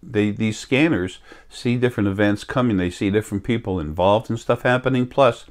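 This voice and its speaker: Deep voiced guy, kinda sick and coughy, rambling on slow. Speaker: vlogger. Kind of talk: casual monologue.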